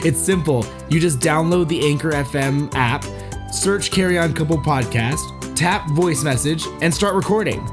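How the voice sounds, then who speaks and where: Very low-voiced woman host. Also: normal speed, over music. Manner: upbeat, promotional. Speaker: podcast host. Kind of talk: reading the show outro.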